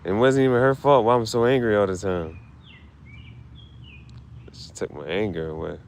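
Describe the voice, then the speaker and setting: A man's voice: lowish voice, steady tone, moderate pace, slight background noise. A man talking casually and emotionally, grieving, swearing and repeating himself in slang. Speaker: streamer.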